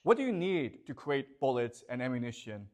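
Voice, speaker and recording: A man's voice: medium pitch, big pitch swings, moderate pace, a little mellow. A man lecturing a class, constantly checking that his students understand with rhetorical questions.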